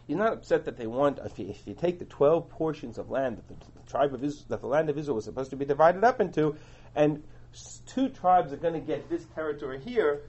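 A man teaching a Torah class, explaining and translating verses in an animated way, on a dull lo-fi recording. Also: a little high, breathy edge.

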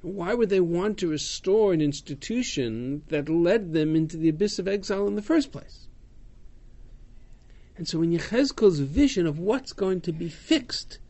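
Gravelly, mellow-toned male teacher. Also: high-pitched, lively intonation, normal speed. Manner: reads verses aloud, then translates and explains; fields student questions casually. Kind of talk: text-study class lecture. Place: classroom with students.

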